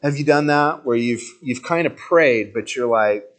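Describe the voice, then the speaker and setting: Man preaching in a casual, animated way. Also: mid-range voice, unhurried. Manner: conversational, animated storytelling with slang. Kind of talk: informal sermon.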